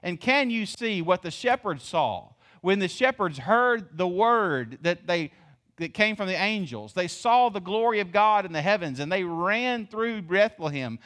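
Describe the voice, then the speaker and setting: Animated preacher man. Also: high-pitched, measured pace. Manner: lively, emphatic preaching with rhetorical questions; folksy, calls the congregation y'all. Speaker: pastor. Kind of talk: sermon.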